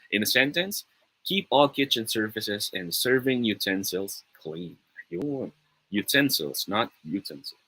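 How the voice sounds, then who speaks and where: A man's voice: mid-range voice, pushed and bright, slightly rough, rough recording. A young man with a Filipino accent, teaching an upbeat and encouraging online pronunciation lesson, often slipping into Tagalog. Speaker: online tutor.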